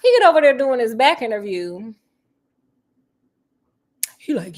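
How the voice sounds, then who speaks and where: A woman chats while cooking. Her voice sits a little high. She talks in a sassy, gossipy way, full of honey and girl. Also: very animated, normal speed, pauses often. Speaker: vlogger. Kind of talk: casual chat while cooking.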